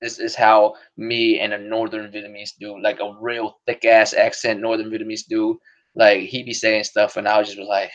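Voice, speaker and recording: A man's voice: on the low side, steady tone, moderate pace, highs cut off. A man hosting a podcast stream, chatting casually in a rambling, profane way and laughing often. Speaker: podcast host. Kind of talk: casual solo stream chat.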